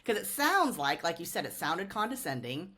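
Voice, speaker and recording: A woman's voice: on the low side, very animated, normal speed, sharp tone. A woman hosting a podcast, a lawyer explaining ideas with examples and often checking in with "right?". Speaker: host, lawyer. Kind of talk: conversational explaining.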